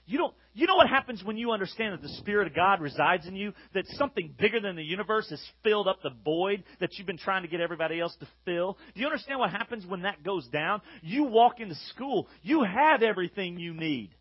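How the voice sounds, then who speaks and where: A man in his thirties, a youth pastor giving a jokey, energetic sermon and playfully acting out the voices he quotes. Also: high voice, fast, few pauses, slightly rough, dry recording. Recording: dull lo-fi recording.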